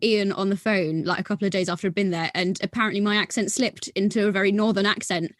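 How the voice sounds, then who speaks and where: A woman with a southern English accent tells stories as a podcast guest, chatty and quick to laugh between points. She speaks at a middle pitch, and the recording is close and dry. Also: steady tone, no echo. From Norfolk, England. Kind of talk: casual podcast chat.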